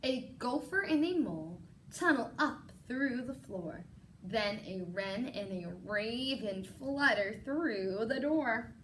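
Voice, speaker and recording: A woman teacher reading a picture book aloud to children, expressive and encouraging. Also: fairly high pitch, slow pace, slight background noise. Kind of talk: children's story read-aloud.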